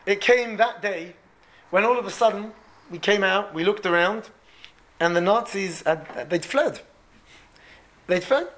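High-voiced animated male storyteller. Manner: animated, repeats words, voices the people in the story. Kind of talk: storytelling sermon.

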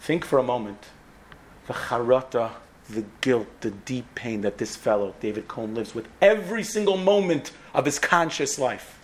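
A man's voice: mid-range voice, moderate pace, a little hiss or hum. A man with an American accent telling a story to students, acting out the characters. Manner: animated, acts out characters. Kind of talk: storytelling talk.

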